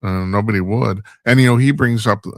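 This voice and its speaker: A man's voice: on the low side, brisk, no room sound. A man hosting a talk show, delivering a rambling, wry monologue and laughing at his own stumbles. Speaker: radio talk show host. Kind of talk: casual monologue commentary.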